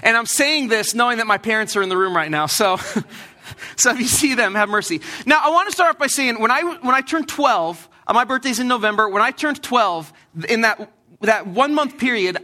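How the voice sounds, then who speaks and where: A man preaching a sermon in church, telling a lively personal story and acting out the voices of the people in it. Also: sits high. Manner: animated storytelling, acts out quoted voices. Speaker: pastor.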